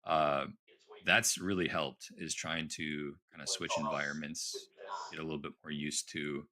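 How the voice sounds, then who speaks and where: A man's voice: extremely low pitch, little pitch movement, measured pace, crowd noise. A man hosting a live trading stream, casually talking through market levels and asking his co-host questions. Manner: conversational, asks co-host questions, many fillers.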